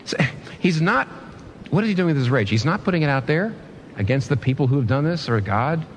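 Animated male preacher, lively pitch. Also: fairly quick, slight background noise. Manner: animated preaching with rhetorical questions and restarts. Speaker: pastor. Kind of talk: sermon.

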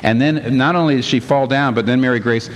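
A man's voice: medium pitch, brisk. Man preaching in a reverberant church. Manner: lively preaching, reads passages aloud with rising emphasis. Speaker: pastor. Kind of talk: sermon.

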